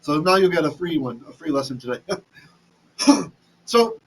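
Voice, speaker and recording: A man's voice: fairly high pitch, sing-song, normal speed, a little hiss or hum, rough recording. A man teaching a casual Bible lesson, chatty, often restarting and asking "right?", reading Hebrew with an Ashkenazi accent. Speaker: Torah teacher.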